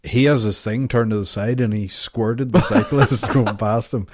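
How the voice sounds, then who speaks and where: A man's voice: mid-range voice, steady tone, normal speed, darkish tone. A young man, co-hosting a casual podcast chat, rambling and swearing freely as he talks. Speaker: podcast co-host.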